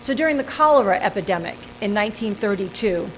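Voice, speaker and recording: A woman leads a casual history presentation as she walks her listeners through her slides. She talks in a chatty, halting way, full of ums and small restarts, at an ordinary middle pitch. A soft hum sits faintly behind her voice. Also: lively intonation, poor audio. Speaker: organization president giving a history talk.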